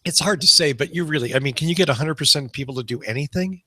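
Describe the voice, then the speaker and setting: A man's voice: fairly high pitch, rapid-fire, sharp tone, no echo. A man co-hosting a car podcast in casual banter, joking and facetious. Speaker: podcast co-host.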